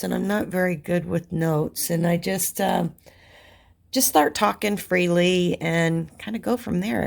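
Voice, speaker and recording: A woman chats casually to her viewers while she crafts, rambling from one thing to the next. Her voice sits a little low and has a gravelly edge. A cold leaves her congested and stuffy. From Virginia. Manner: rambling, chatty. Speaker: crafting channel host.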